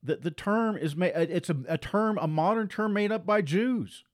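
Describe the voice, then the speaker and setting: Pressing his points through forceful repetition, a man delivers a sermon at a moderate pace, his voice rising in pitch and volume.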